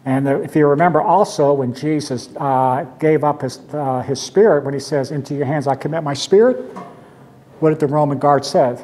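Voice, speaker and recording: Man, Sunday school teacher, slightly high voice, conversational, rhetorical questions, emphatic scripture quotes. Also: moderate pace, dark tone. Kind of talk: Bible class teaching.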